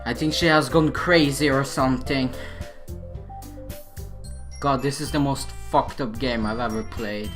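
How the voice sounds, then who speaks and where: A man's voice: medium pitch, steady tone, measured pace, pauses often, faint music behind. Exasperated swearing gamer guy. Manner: loud, swearing, exasperated outbursts. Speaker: let's play gamer. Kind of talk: gaming commentary.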